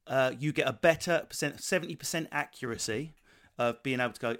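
A man with an Essex accent talks loosely and bluntly, swearing freely and laughing through his banter. He sounds like he is in his thirties, and his voice sits at an ordinary middle pitch for a man. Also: animated, fairly quick, a bit bright. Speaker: podcast host. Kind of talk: casual chat.

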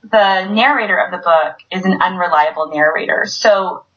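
A woman's voice: lowish voice, moderate pace, fairly bright tone, dull audio. Effusive chatty woman author on a call. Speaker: author guest. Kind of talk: casual interview chat. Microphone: video call.

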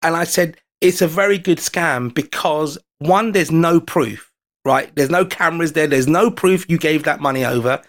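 English man, podcast storyteller, slightly high voice, acts out his own quotes. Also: normal speed. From London, England. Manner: animated anecdote telling, acting out his own quoted lines. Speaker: podcast guest. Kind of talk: casual storytelling chat.

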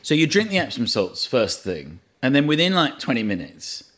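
A man's voice: medium pitch, normal speed. A man, a guest telling funny stories in casual chat over a meal and laughing as he talks. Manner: lively storyteller, laughs through his stories.

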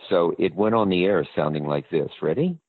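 An older male actor, a guest in an interview, rambles through anecdotes in a low voice at a moderate pace. The audio is tinny like a phone line, with no room sound.

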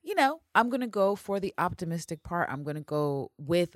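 Lively low-voiced woman podcast host. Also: a little fast, hardly any pauses, dry recording, clean studio sound. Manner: animated, swears freely, laughs often. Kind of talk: casual fan podcast chat.

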